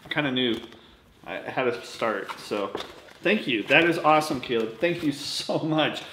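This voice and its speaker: A man chatting casually on his vlog, halting with lots of fillers, losing his voice a little. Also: medium pitch, lively intonation, bright, forceful tone, reverberant, slight background noise. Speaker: autograph collecting vlogger. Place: indoors at home at night.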